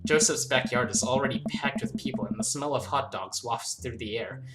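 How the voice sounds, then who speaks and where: Playful low-voiced woman playing a game. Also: normal speed. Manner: playful, giggly, reads lines in character. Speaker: let's play host. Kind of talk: reading game dialogue aloud and commenting. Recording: game music under voice.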